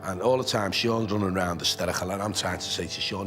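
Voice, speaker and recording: A man giving a shaken, halting eyewitness account in a documentary interview. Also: low-pitched, over music.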